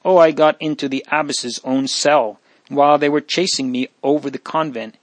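A man's voice: fairly high pitch, steady tone, normal speed, no echo, natural voice. A man reading the lines of a proud, defiant fourteen-year-old countess in a storybook, telling her tale boldly. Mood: proud, spirited. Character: proud defiant teenage countess, spirited girl.

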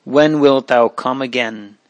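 A man reading aloud from an old memoir, voicing a dying elderly man who pleads in slow, hushed, fervent prayer. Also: medium pitch, steady tone, no echo, lo-fi sound, close to an everyday voice. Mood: pleading.

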